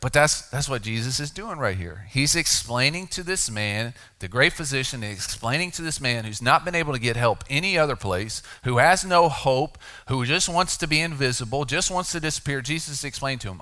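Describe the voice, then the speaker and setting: A middle-aged male pastor delivers a sermon in an easy, talking-to-you manner. His voice is bright and forward at a mid pitch. He slows down and drops low for the weighty moments. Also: animated. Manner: conversational preaching with dramatic pauses.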